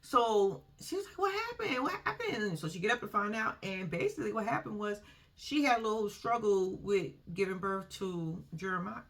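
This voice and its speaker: A woman's voice: medium pitch, normal speed. A woman giving a casual, blunt recap of a reality show, often laughing and using slang.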